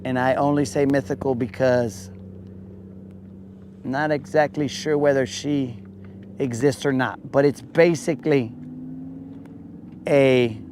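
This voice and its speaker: A man hosting a live fishing stream, chatting casually and teasing his viewers in a joking, drawn-out way. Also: medium pitch, steady tone, darkish tone, a little hiss or hum. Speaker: fishing livestream host.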